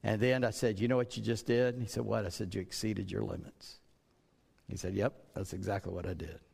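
Gravelly-voiced man preaching in a hall. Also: lowish voice, steady tone, brisk, a little mellow. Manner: conversational, repeats words, acts out quoted speech. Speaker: pastor. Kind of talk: sermon. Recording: long hall reverb.

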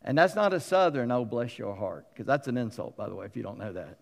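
A middle-aged male pastor preaching a sermon in a conversational, animated way, acting out quotes with humorous asides. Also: mid-range voice, fast talker, vocal fry. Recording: long reverb of a large hall.

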